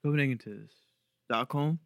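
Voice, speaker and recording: A man in casual conversation, telling a rambling story in a deadpan way. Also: mid-range voice, moderate pace, gravelly, no echo, studio quality. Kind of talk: casual chat.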